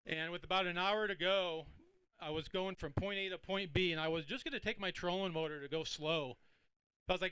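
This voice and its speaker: A tournament angler tells his story in a relaxed, rambling way, with plenty of fillers. His voice is bright and smooth, fairly high, and the sound is dry and close. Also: moderate pace, no echo, rough recording. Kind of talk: casual storytelling speech.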